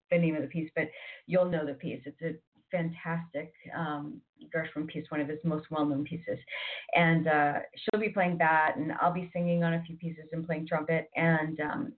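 A woman hosting a radio show, talking casually and rambling with lots of fillers and restarts. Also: low-pitched. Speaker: radio host. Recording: tinny phone-like sound.

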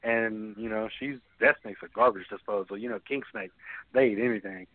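A man chats as a podcast guest, telling lively stories with plenty of laughs and casual swearing. His voice comes through a thin, phone-like line that sounds dry and close, with no room echo. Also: on the low side, brisk, gravelly. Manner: animated, laughing storyteller who swears freely. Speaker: podcast guest, snake keeper. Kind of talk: casual storytelling chat.

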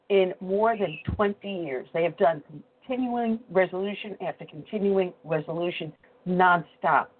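A host asking a candidate structured questions in a phone-in interview. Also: mid-range voice. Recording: phone line.

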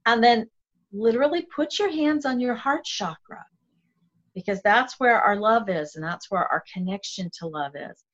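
A woman's voice: fairly high pitch, moderate pace. A middle-aged woman talking through a shamanic practice in a casual, earnest way, often restarting her sentences. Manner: earnest, animated, self-correcting speech. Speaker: shamanic guest. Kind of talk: casual conversation. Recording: dull lo-fi audio.

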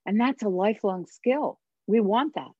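A woman's voice: medium pitch, breathy edge, dry recording. Emphatic parenting coach woman, lo-fi line. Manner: emphatic, gives tips with dramatic pauses. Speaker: parenting coach and author, guest. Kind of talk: casual radio interview.

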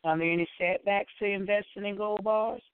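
A woman's voice: mid-range voice, fairly even intonation, a little fast, clean tone, no echo. A woman co-hosting a radio talk show, asking questions in a teasing, chatty way. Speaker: radio co-host. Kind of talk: casual radio interview. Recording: tinny phone line.

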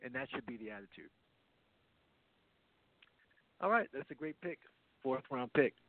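A male podcast co-host talks fast with lively intonation at medium pitch, no echo present. On this casual recovery talk show he explains earnestly, repeating many phrases, and the audio comes over a phone line instead of his headset.

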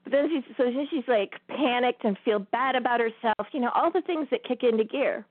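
A woman's voice: fairly high pitch, fairly quick, dry recording. A woman hosting a spiritual talk show, telling a story in a casual way and laughing often as she talks. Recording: tinny phone-line sound.

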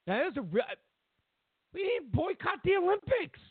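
A man's voice: extremely high pitch, big pitch swings, normal speed, no room sound. A man hosting a talk show, delivering a sarcastic, mocking political rant. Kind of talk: political commentary monologue. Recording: tinny phone-like dry sound.

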